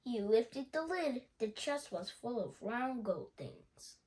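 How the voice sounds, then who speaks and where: A woman reading a children's storybook aloud in a slow, expressive way. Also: on the high side. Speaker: storybook reader.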